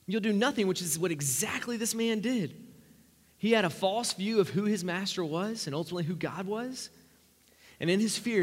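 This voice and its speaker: A man preaching a sermon, emphatic, swinging from loud rising lines to quiet low asides. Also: lively intonation, normal speed, husky, big-room sound.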